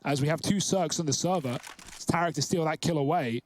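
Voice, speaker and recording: A man calling a live esports match with quick, analytical play-by-play. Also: fairly high pitch, noisy background. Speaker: esports caster. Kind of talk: live game commentary.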